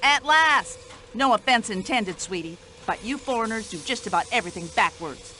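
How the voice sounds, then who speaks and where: A shrill, chatty older American widow in a mystery game. Her voice sits high and leaps all over the place with a bright, sharp edge. She sounds permanently put out and quick to take offense. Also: expressive, slight background noise. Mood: indignant. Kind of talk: video game voice acting.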